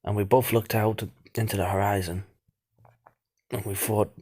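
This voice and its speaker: A man's voice: on the low side, steady tone, moderate pace, warm tone. A man narrating a tale in a dramatic spoken style, piling on repeated words for effect. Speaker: storyteller.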